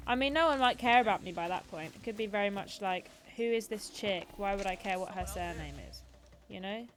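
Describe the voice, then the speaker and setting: A woman's voice: mid-range voice, fairly bright tone. A woman in her twenties hosting a gaming livestream, chatting casually and rambling with lots of fillers. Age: 20s. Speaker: streamer host.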